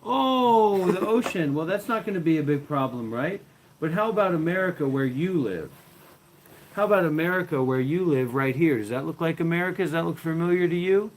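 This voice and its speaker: A man's voice: a little high, expressive, fairly quick, slight background noise, low-quality recording. A man hosting a comedic livestream as a mock guru, crude and taunting, ranting at his viewers. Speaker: host.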